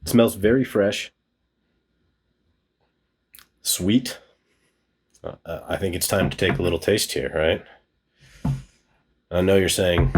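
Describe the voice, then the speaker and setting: Husky man demonstrating his garden harvest. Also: low voice, unhurried, long pauses. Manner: upbeat, chatty, self-deprecating humor. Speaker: gardening channel host. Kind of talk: casual hands-on demonstration.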